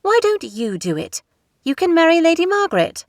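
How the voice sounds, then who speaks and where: A woman's voice: very high-pitched, very animated, normal speed, dry recording, clean studio sound, pitched above the performer's own voice, heavily acted. A woman reading an audiobook and voicing a proud, strong-willed young princess, with emphatic, pointed lines. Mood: indignant. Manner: emphatic, rising to sharp outbursts.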